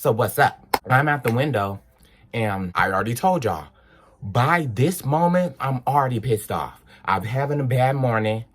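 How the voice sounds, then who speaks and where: An animated young man recounting a story to his viewers, his pitch swinging widely as he acts out the scene. His talk is loose and casual, with quick asides and drawn-out exclamations. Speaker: vlogger.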